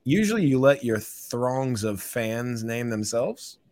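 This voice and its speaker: A man hosting a casual sports podcast, thinking out loud and restarting his sentences. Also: mid-range voice, big pitch swings, takes it slowly. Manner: rambling, stops and restarts to rethink. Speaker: podcast host.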